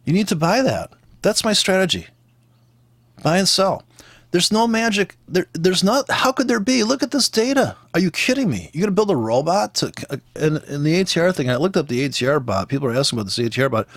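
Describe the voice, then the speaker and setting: A man's voice: high voice, very animated, a little fast, fairly bright tone, dry recording. A man giving blunt, profane, exasperated trading commentary while walking through charts. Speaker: forex trader teaching.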